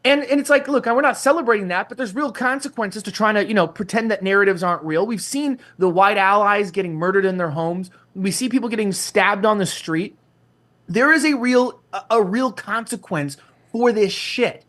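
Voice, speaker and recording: A man's voice: sits high, moderate pace, fairly bright tone. A man, a guest on a podcast, talking indignantly in casual chat. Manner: indignant, ranting.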